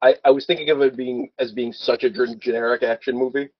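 A man's voice: mid-range voice, fairly even intonation, fast. Man, podcast co-host, sardonic, swears a lot, dull lo-fi recording. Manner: sardonic, swears freely, laughs often. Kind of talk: casual movie review chat.

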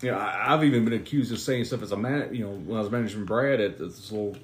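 A man's voice: lowish voice, fast. A man talking bluntly and emphatically as a guest in a casual podcast chat, swearing freely.

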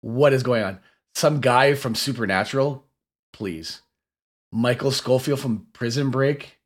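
A man's voice: medium pitch, a little slow. A man co-hosts a casual podcast chat, wry and easily exasperated as he complains. His voice sits in an ordinary middle range. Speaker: podcast co-host.

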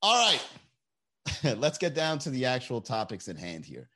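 A man hosting a comedy podcast, talking in a profane, animated, laughing monologue to a live chat. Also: medium pitch, normal speed. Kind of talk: casual comedy monologue on a livestream. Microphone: desk mic with mixer.

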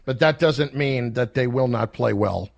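A man's voice: mid-range voice, a little slow, vocal fry, no room sound, studio quality. Emphatic male sports analyst. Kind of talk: sports talk show.

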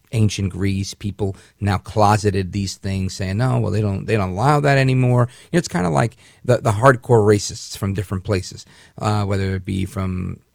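A man's voice: on the low side, creaky, no echo, clean studio sound. A man hosting a syndicated talk radio show, delivering an indignant, rambling monologue with frequent restarts. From Puerto Rican heritage, raised in the northern US.

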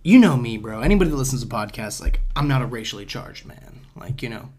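A man's voice: mid-range voice, expressive, quick pace, darkish tone, slightly rough. A young man hosting a podcast, telling a story in casual chat, acting out the other people's voices and swearing freely. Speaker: podcast host.

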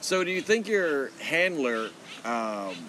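A man's voice: fairly high pitch, sing-song, takes it slowly, a bit bright, a little hiss or hum. A man hosting a casual interview, asking probing follow-up questions and agreeing along. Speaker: host.

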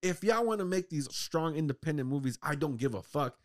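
A man's voice: on the high side, a little fast. A man co-hosting a podcast, ranting casually about a movie, full of "like" and swearing. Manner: animated ranting, heavy use of "like" and swearing. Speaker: podcast co-host. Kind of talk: casual chat.

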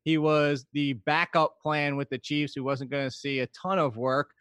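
A man with a slightly higher voice co-hosting a casual sports podcast, recorded dry and close. He lays out long analytical explanations and laughs easily. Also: flat delivery, normal speed, a bit bright, clear, resonant tone, dry recording. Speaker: podcast co-host.

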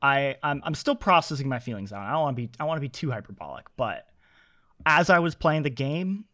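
A man's voice: medium pitch, sing-song, fast talker, bright, forceful tone. A man hosting a podcast, rambling enthusiastically in casual chat. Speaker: podcast host.

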